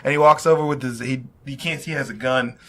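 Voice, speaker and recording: Podcast guy, bright voice, laughs a lot telling movie bits. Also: medium pitch, quick pace. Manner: laughs while telling stories, shouts out impressions. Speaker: podcast co-host. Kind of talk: casual chat.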